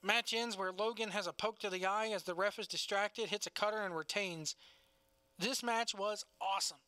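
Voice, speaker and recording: Male podcast co-host, casual and cussing, quick to laugh, dry close sound. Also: high-pitched, fairly even intonation, sharp tone, clean tone, no echo. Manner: laughs often, loose and cussing. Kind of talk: casual wrestling review chat.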